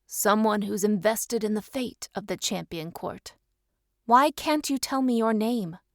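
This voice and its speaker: A woman narrator voicing a secretive, ruthless male spy who speaks low and measured. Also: no echo, studio quality, lightly acted.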